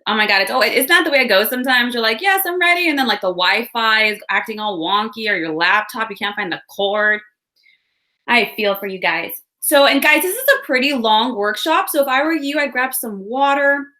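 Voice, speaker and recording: A woman's voice: on the high side, lively intonation, brisk, bright, forceful tone. A woman hosting a live online workshop, chatting upbeat with viewers and greeting them by where they're from. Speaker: workshop host. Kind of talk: live webinar chat. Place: home room with window.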